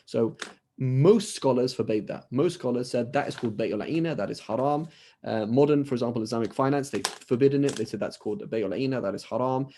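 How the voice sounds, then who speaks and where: A little hiss or hum runs under the mellow, mid-range voice of a British-accented Islamic scholar lecturing a class via video call. His style is chatty and conversational, with repeated "right?" prompts and small acted-out exchanges.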